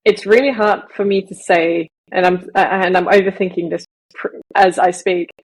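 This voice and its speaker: Husky-voiced woman from Malaysia, chatty. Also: fairly low pitch, steady tone, normal speed, rough recording. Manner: chatty, explains at length. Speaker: podcast co-host. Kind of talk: casual chat.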